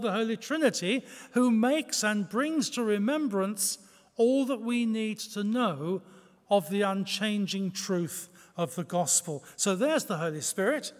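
High-voiced man preaching in a church. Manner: conversational, with rhetorical tags and self-deprecating asides. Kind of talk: sermon. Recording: long church reverb.

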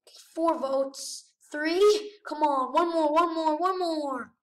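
A woman giving excitable gameplay commentary, often gasping and exclaiming. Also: sits high, slow, echoey room, far from the mic, a little hiss or hum. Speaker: gamer.

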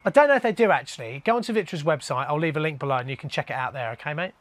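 A man's voice: on the high side, expressive, racing, no echo. A man hosting his plumbing channel, casually reading out viewer comments and joking with viewers he calls mate.

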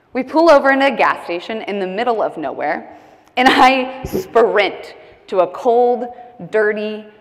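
A young woman giving a comedic, candid personal speech from a conference stage, animated and jokey. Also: medium pitch. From United States. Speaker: keynote speaker. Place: large conference hall stage. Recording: long hall reverb.

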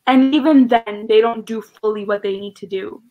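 A woman's voice: on the high side, steady tone, normal speed, muffled recording. A young woman in casual chat with friends, ranting with exasperation about characters she finds foolish. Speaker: book discussion participant.

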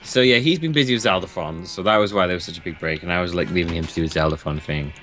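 A man's voice: low-pitched, very fast, fairly bright tone, a little hiss or hum. A young man co-hosting a casual gaming chat, teasing and joking, often laughing. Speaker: co-host of a gaming series.

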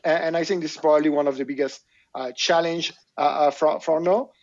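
A man's voice: a little high, steady tone, fairly quick, a little mellow, dry recording, lo-fi sound. A man with a French accent speaking as a guest on a panel, hesitant with many filler sounds, over a remote call. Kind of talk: panel discussion.

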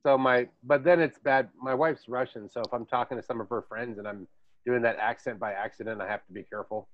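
A man's voice: medium pitch, steady tone, fairly quick, no echo. A man hosting a podcast in casual chat, rambling through stories and laughing often. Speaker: podcast host. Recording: dull dry lo-fi recording.

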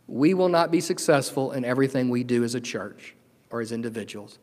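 A middle-aged man preaching a sermon as pastor, earnest and emotional, swinging from loud declarations to hushed, tender moments. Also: medium pitch, animated, a little fast. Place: church sanctuary. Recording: long hall reverb.

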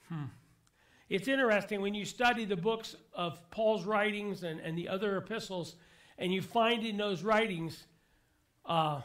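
A male pastor preaches to his church congregation in an unusually high voice. He presses his points with emphatic repetition and rhetorical questions, reading scripture aloud and then explaining it. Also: a bit bright. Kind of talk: sermon.

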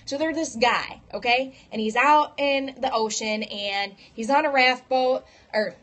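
A woman's voice: on the high side, unhurried, a bit bright. A woman vlogger giving an earnest, casual motivational talk to camera and acting out voices when she tells a story. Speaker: fitness coach and vlogger.

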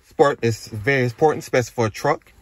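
Talking fast in a mid-range voice, a car reviewer checks out a pickup at a dealership, moving from the lot into the truck and rattling off features in short, casual phrases.

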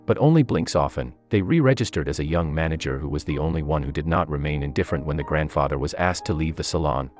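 A man with an extremely deep, low voice narrates a sentimental story in a steady, measured read. His delivery stays even and scripted from line to line, and soft music runs faintly behind him.

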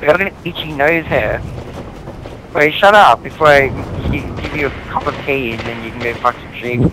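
A man of ordinary pitch rambles and cracks crude jokes into a game headset. He laughs at his own lines as he talks. Gunfire and explosions from the game sound loud behind him. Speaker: online game player. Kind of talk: crude voice chat banter. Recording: noisy online game chat with gunfire.

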